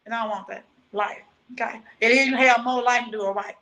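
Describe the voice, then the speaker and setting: A woman talking in a rambling, preachy monologue that jumps between topics and grows loud and agitated as she tells her story. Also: fairly high pitch, fairly even intonation, fast talker, poor audio.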